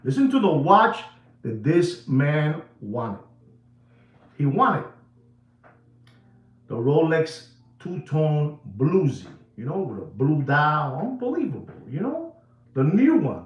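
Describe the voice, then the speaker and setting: Emphatic watch dealer host, echoey room. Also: male voice, fairly high pitch, sing-song, lo-fi sound. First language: Spanish. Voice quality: emphatic, repetitive, drawn-out phrasing. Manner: addresses viewers as ladies and gentlemen. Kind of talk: casual monologue to viewers.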